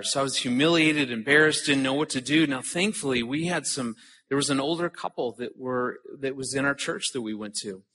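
Man in his 40s, bright tone, earnest conference speaker who tells stories and repeats his words. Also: medium pitch. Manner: earnest, storytelling, repeats words when starting sentences. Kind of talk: earnest conference talk with personal story.

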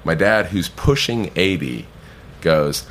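Guesting on a podcast, a bartender tells a rambling anecdote in a casual way, swearing freely and acting out other people's lines and voices. His voice is deep and he takes his time. There's slight background noise.

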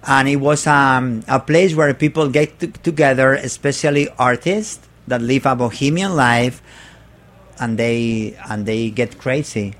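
A man speaking English as a second language, chatting as a guest, halting and repeating words as he searches for phrasing. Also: medium pitch, steady tone, fairly bright tone. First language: not English. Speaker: guest artist. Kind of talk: casual interview chat.

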